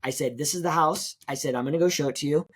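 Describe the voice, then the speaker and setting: Fast-talking man telling a story. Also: on the high side, breathy edge. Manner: fast, animated storytelling, acts out quotes. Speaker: real estate agent, guest. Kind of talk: storytelling in an interview.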